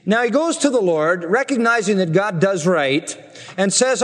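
A man's voice: high-pitched, expressive, normal speed, a bit bright, in a large hall. A man preaching a sermon, earnestly explaining and paraphrasing scripture. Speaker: pastor.

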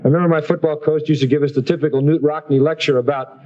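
Male Bible preacher, fairly high voice, animated sermon, dull broadcast sound. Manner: lively preaching, swings between slow emphatic quotes and quick asides. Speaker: Bible teacher.

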